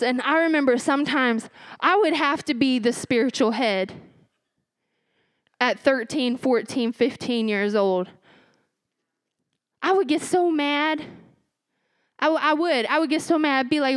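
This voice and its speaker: A woman's voice: high-pitched, a little slow, dry recording, studio quality. A young woman preaching a sermon, emphatic and repeating her key phrases.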